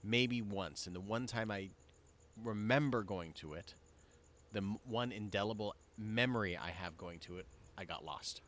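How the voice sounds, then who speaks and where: A man's voice: lowish voice, normal speed, a bit bright. A man from the Los Angeles area, co-hosting a podcast, telling a rambling self-deprecating story full of fillers. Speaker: podcast co-host. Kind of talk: casual chat.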